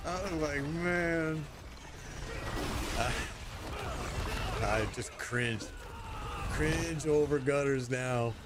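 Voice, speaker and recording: A man's voice: medium pitch, slow pace, long pauses, background noise. A man in his sixties, streaming a game and chatting casually, often chuckling and telling stories with playful quoted voices. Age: 60s. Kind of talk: casual chat while gaming.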